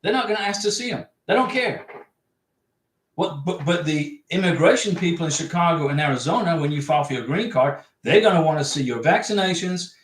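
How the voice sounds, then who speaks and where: A man's voice: on the high side, expressive, fairly quick. A man hosting a livestream, reading out viewer comments and giving advice in a chatty way, repeating his points for emphasis. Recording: echoey room.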